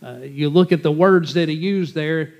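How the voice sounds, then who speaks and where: A man's voice: fairly high pitch, moderate pace, darkish tone, dull audio. A man teaching a Bible passage verse by verse, talking conversationally with frequent filler words. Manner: conversational, explains each verse in plain terms with frequent "uh" fillers.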